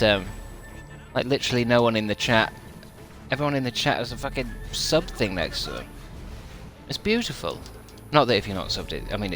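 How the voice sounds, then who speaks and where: Sardonic man streaming, low voice. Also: a bit bright. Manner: sardonic, rambling, self-mocking, swears casually. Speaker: game streamer. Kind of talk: casual stream chat.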